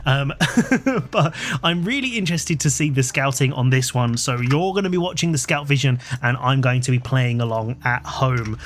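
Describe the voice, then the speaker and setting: Man, London accent, game caster, chatty commentary, medium pitch. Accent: London English. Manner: chatty, laughs often, many "um"s.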